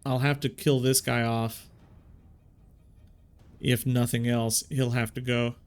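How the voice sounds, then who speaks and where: A man's voice: medium pitch, little pitch movement, slow, soft background music. A man hosting a strategy game let's play, thinking aloud as he plays and talking in casual slang. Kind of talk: video game commentary.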